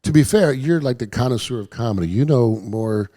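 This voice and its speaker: A man co-hosting a casual talk show, telling animated stories and acting out the people in them. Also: medium pitch, fairly quick, no room sound, studio quality. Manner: animated storyteller, acts out quotes. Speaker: podcast host. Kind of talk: casual storytelling chat.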